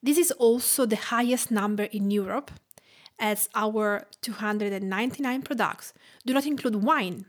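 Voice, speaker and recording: A woman's voice: mid-range voice, normal speed. A woman from Tuscany with an Italian accent, hosting a cooking podcast in careful, explanatory narration. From Tuscany, Italy. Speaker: podcast host, cook and food writer.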